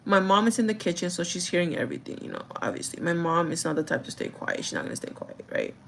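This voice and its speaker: A woman's voice: on the low side, wildly swooping pitch, fast talker, creaky, a little hiss or hum. A woman in her thirties telling a story in casual chat, rambling with lots of "like" and "you know". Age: 30s. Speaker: vlogger.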